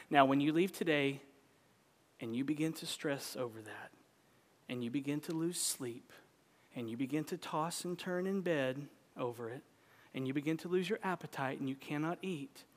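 A man preaching a sermon, swinging between loud emphatic calls and hushed near-whispers and repeating key phrases with shifting stress. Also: fairly high pitch. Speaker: pastor. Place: large church sanctuary. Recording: church sanctuary with long reverb.

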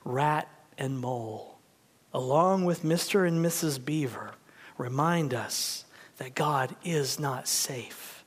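A male pastor preaching a sermon, swinging from loud emphatic peaks to hushed whispers. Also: mid-range voice, slow, slightly rough. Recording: long hall reverb.

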